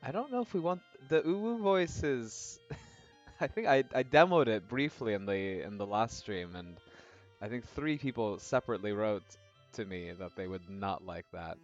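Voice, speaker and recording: A man's voice: lowish voice, lively intonation, normal speed. A man streaming a game, chatting casually with his viewers in a rambling way. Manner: chatty, rambling, frequent fillers and laughs. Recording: dull lo-fi audio with faint music.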